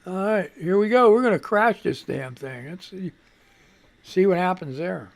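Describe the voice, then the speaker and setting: With a high voice, vocal fry, and normal speed, a man hosting a live radio show mutters irritably and swears casually while working on his stream setup. The talk is casual live-stream commentary.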